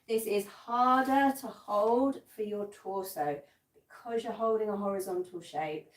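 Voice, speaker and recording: A woman's voice: mid-range voice, unhurried. Pilates teacher lady counting reps and cheering everyone on, echoey studio, sounds far from the mic. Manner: encouraging, counts reps aloud, demonstrates while talking. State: slightly out of breath. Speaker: pilates instructor. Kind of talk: live-streamed workout class instruction. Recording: echoey room, voice from a distance.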